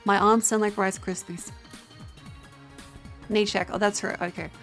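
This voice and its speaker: A young Australian woman on a livestream who sounds tired and talks at an everyday middle pitch. She rambles from one joke to the next, swears freely and pokes fun at herself while chatting with her viewers. Faint music plays quietly behind her. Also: steady tone, a little slow. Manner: rambling, profane, self-mocking banter with chat. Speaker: streamer. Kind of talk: casual livestream chat.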